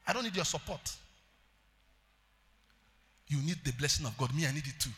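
A male pastor preaching a sermon, calling out to the congregation and building up to loud shouted declarations. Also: fairly high pitch, animated, moderate pace, in a large hall. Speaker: pastor, evangelist.

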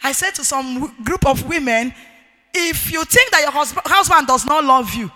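A middle-aged woman with a Nigerian accent, preaching an emphatic sermon to women with shouted, sing-song rises. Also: high voice, animated, moderate pace, soft background music. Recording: reverberant hall.

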